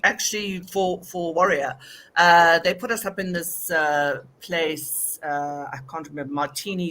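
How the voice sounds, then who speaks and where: A South African woman chats as a guest over a video call, her voice bright and clear. She rattles through her stories with lots of laughter and lively asides. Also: lowish voice. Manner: chatty, laughing storyteller. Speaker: guest actress. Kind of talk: casual interview chat.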